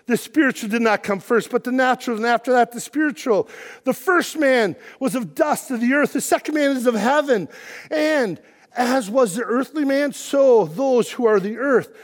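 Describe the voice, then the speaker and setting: A middle-aged man preaches from the pulpit in a very high, bright register. His delivery swells from steady reading to forceful, shouted declarations. The sound carries a long reverb from a large sanctuary. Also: moderate pace. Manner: emphatic preaching, shouting at peaks, quiet when telling personal story. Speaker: pastor. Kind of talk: sermon.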